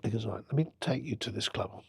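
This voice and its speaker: A middle-aged football club owner tells stories in a casual interview, his lowish voice fast, creaky, and edged with breath on a dry recording. He animates his anecdotes by acting out the conversations he remembers.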